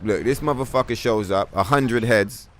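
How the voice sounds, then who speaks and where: A man with a fairly low voice streams a video game live at a normal speed, soft music playing behind him. He narrates the action as he plays, swearing freely and trash-talking the enemy on screen in a profane, excitable way.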